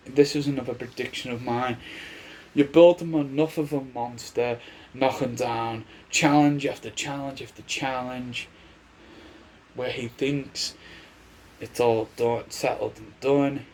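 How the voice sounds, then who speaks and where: Brief: male vlogger, slow and unhurried delivery, chatty and rambling, mid-range pitch. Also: fairly even intonation, slight background noise. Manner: rambling, chatty, restarts his sentences. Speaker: wrestling commentator. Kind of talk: casual predictions vlog.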